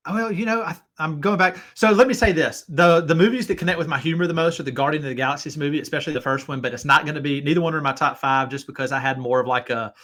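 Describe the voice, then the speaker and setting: Middle-aged male host, bright tense voice, excitable rambling fan energy. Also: fairly high pitch, racing, few pauses. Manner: enthusiastic, rambling fan talk. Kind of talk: casual chat.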